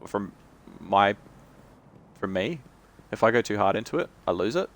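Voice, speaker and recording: A male streamer chatting casually while he plays, rambling and restarting, his voice croaky and tired. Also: fairly low pitch, lively intonation, normal speed, fairly bright tone. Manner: rambling, many restarts and fillers. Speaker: game streamer. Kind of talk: casual chat while gaming.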